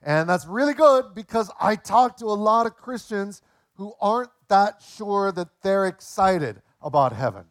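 A man in his late forties preaching a sermon in a relaxed, conversational way, telling jokes along the way. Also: sits high, measured pace, dry recording, studio quality. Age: 40s. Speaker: pastor.

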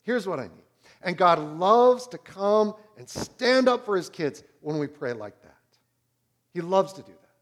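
A pastor in his thirties preaching a sermon, swinging between loud and hushed. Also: sits high, lively intonation, unhurried.

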